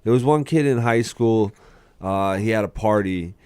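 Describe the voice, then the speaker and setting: A young man tells stories in loose, rambling casual chat, packed with "like" and cursing. His voice sits low and smooth. The sound is dry and close. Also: moderate pace, darkish tone, no echo. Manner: storytelling, heavy filler "like", swears a lot. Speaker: podcast co-host.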